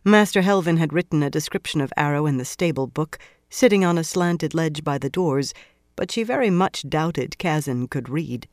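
A narrator reading a fantasy novel aloud in a measured, even storytelling delivery. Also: mid-range voice, dry recording, clean studio sound. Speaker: audiobook narrator. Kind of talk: scripted fantasy audiobook narration.

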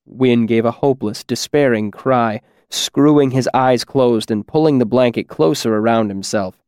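A man narrating a first-person story at a steady, even pace. His voice has a mid pitch. The recording is dry and close with no room sound. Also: moderate pace, clear, resonant tone, dry recording. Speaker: audiobook narrator.

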